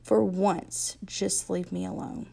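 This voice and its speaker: A woman reading aloud, voicing an injured, frightened teenage boy who talks in halting slang. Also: mid-range voice, fairly even intonation, creaky, dark tone, lightly acted. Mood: bitter. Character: scared injured teenage boy, bitter and gentle.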